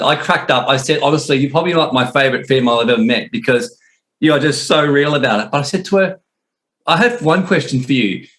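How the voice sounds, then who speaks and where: Man, Australian accent, middle-aged, casual host, slightly high voice, animated storyteller. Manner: animated storyteller, voices swinging up when quoting others. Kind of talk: casual chat.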